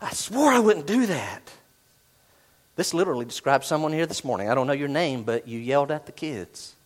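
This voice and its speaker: Animated pastor preaching. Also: male voice, fairly high pitch, fairly quick. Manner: swings from loud emphasis to hushed asides; acts out quoted inner voices. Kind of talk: sermon.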